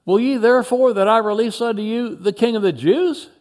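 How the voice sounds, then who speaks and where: A man voicing a stern Roman governor who questions a prisoner in slow, solemn, archaic speech. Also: high-pitched, wildly swooping pitch, heavily acted. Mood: stern, pleading.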